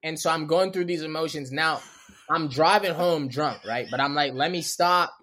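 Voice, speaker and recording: A man, a comedian guest, telling a story on a podcast in animated, profane street slang. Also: fairly high pitch, normal speed. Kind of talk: storytelling in casual chat.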